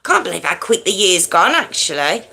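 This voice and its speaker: A woman's voice: on the low side, very animated, normal speed, gravelly, a little hiss or hum. A woman hosting a true crime livestream, chatting casually with viewers and greeting them by name, with a slightly wheezy chest. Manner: chatty, greets viewers by name, self-described loud and hyped.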